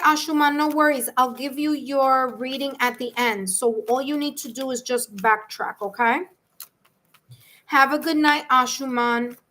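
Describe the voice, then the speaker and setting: A woman's voice: high voice, a bit bright. A woman with a New York accent giving a chatty, reassuring live-stream tarot reading and calling on viewers by name. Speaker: tarot reader.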